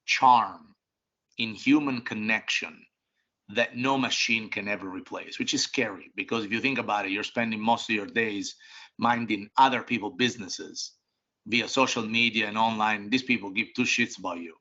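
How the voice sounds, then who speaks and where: Blunt, bright-voiced middle-aged man. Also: on the low side, normal speed. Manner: blunt, emphatic, with frequent restarts and colloquial swearing. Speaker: restaurant group CEO, interview guest. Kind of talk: casual interview answers. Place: home office. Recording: dull lo-fi sound.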